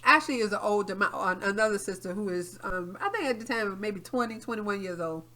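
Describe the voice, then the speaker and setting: A woman co-hosting a podcast, telling a story in casual chat and acting out quotes loudly, with frequent laughs and swearing. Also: mid-range voice, brisk. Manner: animated, acts out quotes loudly. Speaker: podcast co-host.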